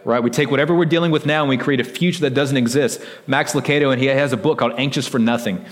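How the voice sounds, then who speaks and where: A man delivers a sermon in a relaxed, conversational way, peppering his points with "like" and "right?" as he talks to the congregation. His voice sits at an ordinary middle pitch and carries a long hall reverb around it. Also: fast talker. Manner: conversational preaching with frequent "like" and "right?". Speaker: pastor.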